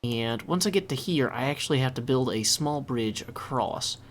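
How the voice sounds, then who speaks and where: A man talking through his gameplay in a chatty, upbeat way, thinking aloud as he builds. His voice sits at a middling pitch, with a faint hiss of noise behind it. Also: lively intonation, moderate pace. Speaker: let's play host. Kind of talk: casual gameplay commentary.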